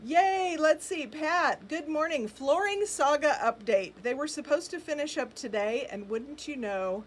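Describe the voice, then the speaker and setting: A woman's voice: high voice, expressive, a little slow, hardly any pauses. A middle-aged woman hosts a live shopping stream, chatting casually, greeting viewers by name and reading their comments with frequent ums and laughs. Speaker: boutique live-sale host.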